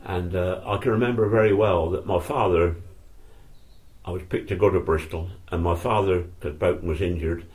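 A man's voice: low-pitched, fairly even intonation, normal speed, darkish tone. An older man telling old stories in a rambling, self-correcting way during an interview. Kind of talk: reminiscing oral history.

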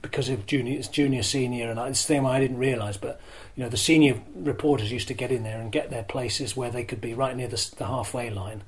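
An older man, a former broadcaster being interviewed, telling self-deprecating stories in a chatty, lively way. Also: medium pitch, low-quality recording. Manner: lively storyteller who acts out crowd shouts. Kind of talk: anecdotal interview storytelling.

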